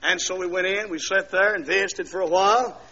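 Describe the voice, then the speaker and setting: An older male preacher tells his testimony in a high, bright, ringing voice, telling the story in turns and rising into fervent shouts. The sermon comes through on a dull, lo-fi recording of a church service. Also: fairly even intonation, brisk, a little hiss or hum.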